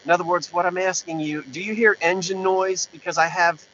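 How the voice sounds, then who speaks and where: Man, live-stream host, high voice, jokey rambling chat, parked truck, dull lo-fi sound. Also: fairly even intonation, brisk, fairly bright tone. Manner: chatty, jokey, self-interrupting. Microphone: mounted camera. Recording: dull lo-fi sound with faint hum.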